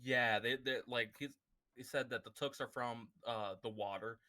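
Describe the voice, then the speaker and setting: A man's voice: mid-range voice, fairly even intonation, moderate pace, pushed and bright. A man co-hosting a book club podcast, rambling casually with plenty of filler words and frequent laughter. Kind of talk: casual chat.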